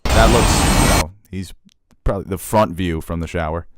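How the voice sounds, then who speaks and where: A man's voice: low voice, normal speed, heavy background noise. A man co-hosting a casual chat about movie trailers, joking and enthusiastic. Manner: joking, enthusiastic, riffs with goofy voices. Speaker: co-host.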